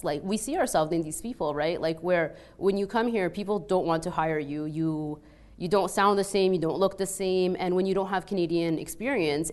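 A young woman with a notably low-pitched voice talks as a guest on a panel. She is chatty and relaxed, filling her sentences with "like" and "you know". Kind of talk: casual panel talk.

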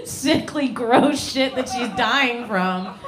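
A woman's voice: a little high, slow pace, crowd noise. Podcast host lady telling a crazy story, swears, laughs, echoey room. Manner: lively, profane, laughing. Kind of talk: casual storytelling. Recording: roomy echo.

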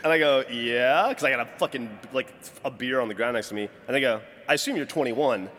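A man's voice: medium pitch, fast, big-room sound, slight background noise. A man co-hosting a podcast, telling a story in casual chat and acting out the quotes. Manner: lively storyteller who acts out quotes. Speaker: podcast co-host.

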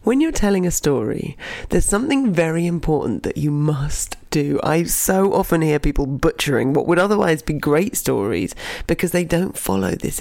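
A young adult narrating a personal anecdote and then teaching its lesson. The voice has a gravelly fry and an expressive delivery that often sinks into a soft whisper. It is recorded close and dry, with no room sound. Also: medium pitch, no echo. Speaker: storytelling teacher. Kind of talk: told personal story and lesson.

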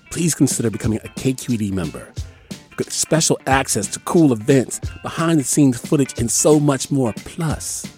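A man hosting a promo makes a playful, persuasive pitch for support. His intonation swings widely as he talks. Soft music plays underneath. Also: animated, normal speed. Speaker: podcast host.

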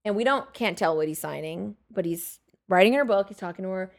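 A woman telling a long, animated story in casual chat, swearing freely and acting out what people said. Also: medium pitch, fairly quick, vocal fry. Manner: animated, profane storytelling with acted-out quotes.

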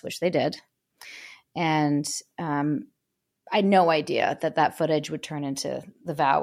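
A woman guest with a lowish voice and a gravelly edge. She talks candidly and emotionally about her life, often breaking off and restarting her sentences. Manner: frequent restarts and fillers. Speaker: podcast guest. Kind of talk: casual interview talk.

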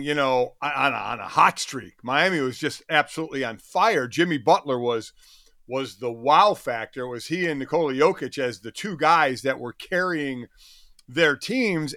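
A man's voice: a little high, lively intonation, normal speed, sharp tone, no room sound, clean studio sound. A middle-aged man co-hosting a sports talk show, easygoing and self-mocking. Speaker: co-host.

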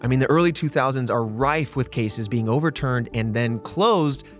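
Male podcast host, casual true-crime storyteller, mid-pitched, plays out quotes. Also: moderate pace, faint music behind. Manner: conversational storyteller, acts out quotes.

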